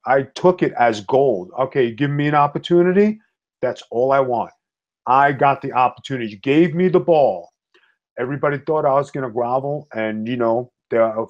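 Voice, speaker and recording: A middle-aged man telling wrestling-career stories in a blunt, tough-talking, animated way, as a podcast guest. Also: mid-range voice. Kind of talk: storytelling in casual chat. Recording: slightly dull lo-fi audio.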